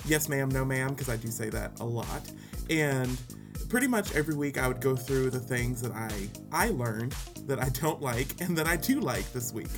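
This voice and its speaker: Playful male co-host, giggly, very expressive intonation. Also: medium pitch, normal speed, music in the background. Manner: playful, laughing, teasing. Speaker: podcast co-host. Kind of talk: casual chat.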